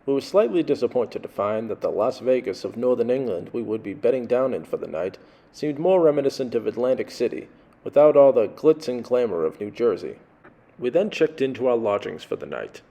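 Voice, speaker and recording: A man's voice: mid-range voice, animated, brisk, gravelly, warm tone. A man reading a scripted travel story in a dry, sardonic way. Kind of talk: scripted narration.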